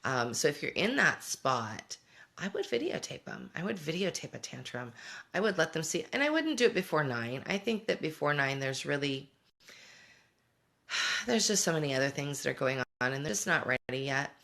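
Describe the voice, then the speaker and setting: A woman's voice: low-pitched, very animated, normal speed, creaky, a bit bright. A middle-aged woman hosting a casual livestream, talking reflectively and answering viewer comments as she goes. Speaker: homeschooling parent and show host.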